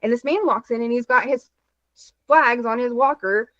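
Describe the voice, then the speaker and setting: A woman from Texas chatting as a guest, telling stories in an animated, rapid way over a video call. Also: a little high, no room sound, lo-fi sound. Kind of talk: casual chat.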